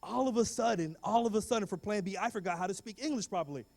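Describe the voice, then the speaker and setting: In a large school hall, a young man with a high, creaky voice speaks fast as a guest giving a comedic talk to students. He's animated, acting out every character in his scenes and dropping in Spanish words.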